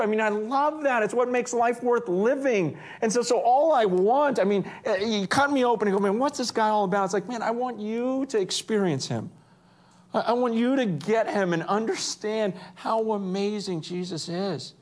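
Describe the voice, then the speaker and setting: Man, pastor, sermon, lively storytelling, somewhat high voice. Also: normal speed. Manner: animated storytelling, swinging from hushed to excited.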